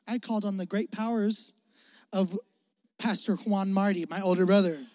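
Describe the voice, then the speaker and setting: A young male preacher from the Chicago area with a high voice, telling a story in an animated, joking way and talking straight to his audience. The recording is close and dry. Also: normal speed, dry recording. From Chicago area, United States. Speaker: youth preacher. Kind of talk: storytelling sermon.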